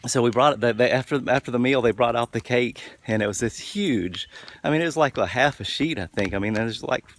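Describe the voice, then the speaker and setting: A man's voice: medium pitch, fairly quick. A man telling a story casually to the camera, with many fillers and restarts. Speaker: vlogger.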